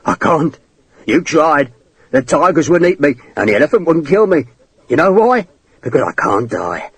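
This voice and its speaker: Casting: male narrator doing a twitchy madman soldier, shrill and hysterical, in a dry close audiobook read. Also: sing-song, normal speed, breathy edge, dry recording, full character voice. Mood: pleading.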